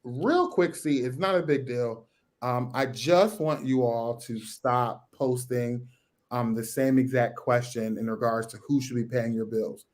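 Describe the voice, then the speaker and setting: A man's voice: mid-range voice, measured pace. A man co-hosting a podcast in casual chat, teasing the others dryly. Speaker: podcast co-host.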